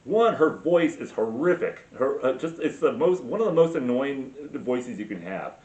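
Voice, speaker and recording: A man's voice: mid-range voice, lively intonation, moderate pace, a little mellow. A man hosting a podcast, ranting crudely and sarcastically, full of swearing and filler words. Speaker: podcast host. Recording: roomy, distant, dull sound.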